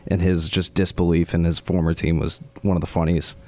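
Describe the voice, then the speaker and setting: A man's voice: low voice, level tone, a little fast, darkish tone. A man on a sports radio show, casually telling an amused story.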